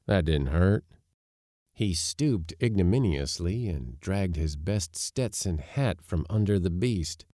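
A man reading a story aloud in an expressive, wry narrating manner. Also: deep voice, dry recording, clean studio sound. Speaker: audiobook narrator.

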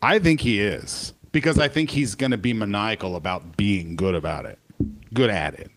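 A man hosting sports radio, chatting casually and opinionatedly about football broadcasters. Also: lowish voice. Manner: animated, opinionated, quick restarts.

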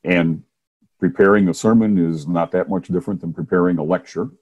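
An older man, a Methodist minister and former science teacher, telling his story in a relaxed interview with chuckles along the way. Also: low-pitched, fairly quick, breathy edge, lo-fi sound. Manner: warm anecdotal storytelling with chuckles. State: hard of hearing, wears hearing aids.

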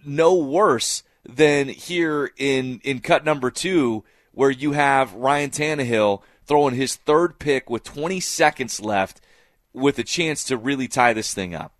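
A man's voice: mid-range voice, slow pace, no room sound, clean studio sound. A man co-hosting a sports talk show, making his points with emphatic repetition. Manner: emphatic, repeating phrases for effect. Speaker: sports radio co-host.

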